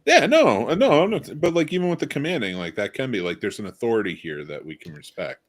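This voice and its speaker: A man's voice: medium pitch, sing-song, fast talker. A man co-hosting a film podcast, chatting casually and joking at his own expense. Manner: joking, self-mocking. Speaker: podcast co-host. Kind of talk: casual chat.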